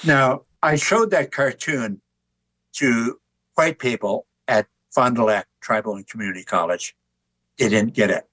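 An older man sits for an interview and tells stories with easy, wry humor. His voice sits at an ordinary middle pitch. The sound is close and dry, with no room echo. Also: a little slow. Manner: relaxed, anecdotal, wry humor. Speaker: author and artist guest. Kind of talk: conversational interview storytelling.

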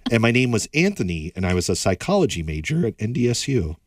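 A man's voice: on the low side, very animated, quick pace, dry recording, studio quality, recorded from a distance. A man co-hosting a radio show, chatting casually and joking about movie trivia. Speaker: radio host.

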